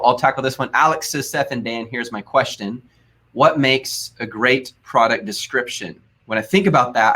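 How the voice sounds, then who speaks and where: An American man hosting a casual business webinar, upbeat and quick to laugh, answering viewer questions. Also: mid-range voice, a bit bright. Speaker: host.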